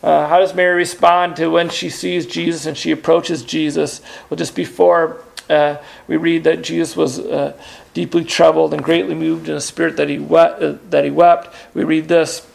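A man preaching a sermon in an earnest, unhurried way, pausing with "uh" and asking rhetorical questions. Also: on the high side, level tone, vocal fry. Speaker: pastor.

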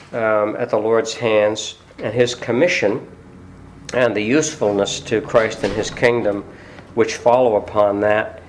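A man preaching a sermon in a conversational way. He puts rhetorical questions to his congregation and often fills pauses with "uh.". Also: lowish voice. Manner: frequent "uh" fillers. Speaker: pastor.

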